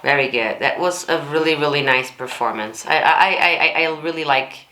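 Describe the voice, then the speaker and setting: A woman's voice: low-pitched, moderate pace. A woman vocal coach, chatting enthusiastically as she reacts to a performance. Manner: enthusiastic, chatty, repeats words often. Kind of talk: reaction commentary. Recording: echoey room with faint music.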